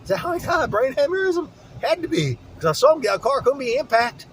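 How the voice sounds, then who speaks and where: Fast-talking man rambling. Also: extremely high pitch, very animated, slight background noise, low-quality recording. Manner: rambling, agitated, repeats himself. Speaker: vlogger. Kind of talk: rambling monologue while driving. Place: in a car on city streets.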